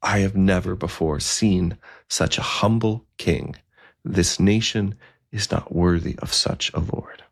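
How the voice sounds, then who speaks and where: A man as a slow, solemn old bishop. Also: sits low, vocal fry, heavily acted. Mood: sorrowful. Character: gentle old male bishop.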